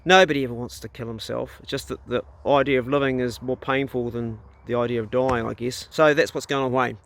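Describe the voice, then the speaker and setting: A man's voice: mid-range voice, fairly even intonation, brisk, creaky, a bit bright. A middle-aged man with a New Zealand accent talks bluntly to camera in a casual vlog, swearing freely. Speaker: vlogger.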